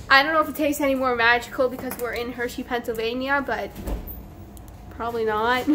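High-voiced chatty woman vlogging. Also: fairly bright tone, slight background noise. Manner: chatty and upbeat, self-deprecating. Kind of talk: casual travel vlog. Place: hotel suite and outdoors.

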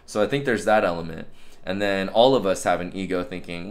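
A man's voice: sits low, a little fast. A man who works as a fitness trainer, talking candidly and reflectively in a casual self-help vlog. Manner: candid, reflective, conversational with fillers.

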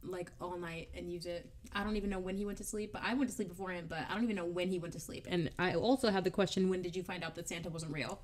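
A young woman co-hosting a casual chat, relaxed, asking questions and laughing often. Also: on the low side, fast, few pauses. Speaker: podcast co-host.

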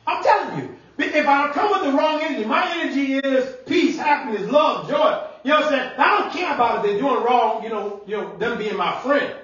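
A man preaching a sermon as pastor, animated and conversational, sometimes shouting and laughing. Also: extremely high pitch, normal speed, few pauses. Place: church sanctuary. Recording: echoey church room, mic at distance, dull sound.

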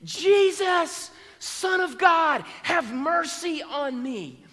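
A man's voice: very high voice, expressive, drawn-out words, long reverb tail, voice pushed up, full character voice. A man preaching a sermon, voicing a desperate blind beggar man crying out for mercy. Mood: pleading shout. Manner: shouting, pleading.

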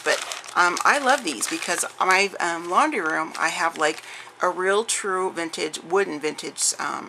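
A woman with a fairly low, gravelly voice chats casually to the camera at home while showing off a craft haul. She rambles, with lots of fillers and restarts.

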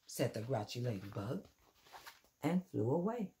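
An older woman reading a children's picture book aloud in a gentle, expressive way, pausing to point out the pictures. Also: very deep voice. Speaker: storyteller.

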